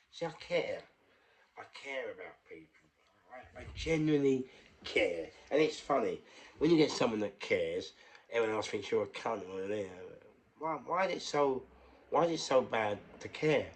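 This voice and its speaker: London bloke, rambling storyteller, low voice, drops to whispers. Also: male voice. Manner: rambling, emphatic, drops to a whisper when quoting himself. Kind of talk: casual storytelling monologue.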